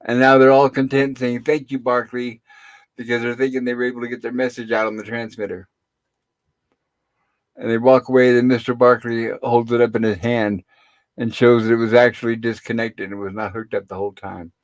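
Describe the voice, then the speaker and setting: A middle-aged man hosts a casual online show, walking listeners through an old sitcom episode scene by scene. His voice sits at an ordinary pitch for a man. He rambles, pausing and filling gaps as he goes. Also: flat delivery. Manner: rambling retelling with pauses and fillers. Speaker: host. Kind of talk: casual episode recap on a live stream.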